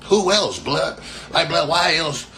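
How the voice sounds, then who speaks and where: Slow yet expressive, this streamer's slightly high voice sounds pushed and bright, with slight background noise. The Californian talks loosely to viewers in a rambling, profane way, full of slang and phrases he keeps repeating.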